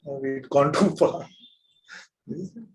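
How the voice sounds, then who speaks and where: A man giving a spiritual talk to a gathering as its teacher, gently playful, chuckling often and prodding listeners with rhetorical questions. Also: a little high, takes it slowly, poor audio.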